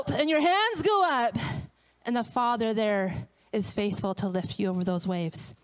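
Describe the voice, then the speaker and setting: A woman's voice: fairly high pitch, clear, resonant tone. A woman pastor giving a sermon, telling stories animatedly and acting out the voices of the people in them. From Canada.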